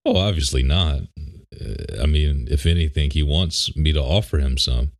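Very deep-voiced laid-back man. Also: normal speed. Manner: laid-back, rambling, laughs often. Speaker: podcast co-host. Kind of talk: casual chat. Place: home office.

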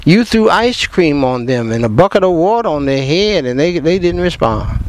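A slightly high, animated male voice comes through a rough recording with a bit of background noise, at normal speed. He offers fervent, preachy commentary, hurling rhetorical questions and repeating himself as his passion builds.

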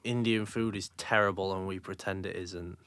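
A man's voice: low-pitched, normal speed, no room sound. Ranting young man, dry sound. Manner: swearing, animated rants, mocking quotes. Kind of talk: casual chat.

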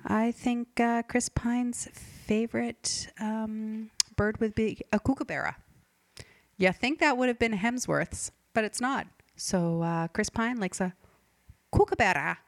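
Slow and steady in tone, this woman's slightly high voice carries a deadpan comedic podcast monologue with no echo. As host, she rambles, forgets where she was, and interrupts herself mid-thought.

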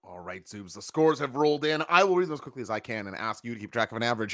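A man hosting a casual livestream review chat, animated and jokey, reading out viewer scores with playful emphasis. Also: mid-range voice, fast, few pauses, no echo, clean studio sound. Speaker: host.

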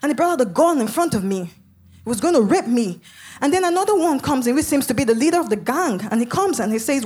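A woman's voice: high voice, expressive, quick pace, darkish tone, slightly rough. A woman preacher telling her testimony in a sermon, dramatic and vivid, with sudden emphatic bursts. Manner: speaks in tongues.

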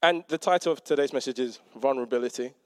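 A man's voice: mid-range voice, fast, dry recording, clean studio sound. A young man giving a conversational sermon, telling a story with self-mocking humour and acting out the people in it. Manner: animated, self-mocking, acts out quotes. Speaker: preacher and teacher.

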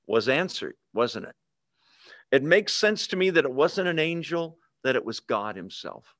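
This sermon comes from a male pastor whose slightly high, a bit bright voice has a sing-song lilt at normal speed. Teaching conversationally, he keeps questioning the congregation and drawing responses, captured in echo-free studio quality.

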